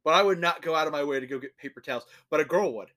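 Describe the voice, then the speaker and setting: A man co-hosting a podcast in casual chat, telling animated stories and laughing a lot. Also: on the high side, very fast. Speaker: podcast co-host.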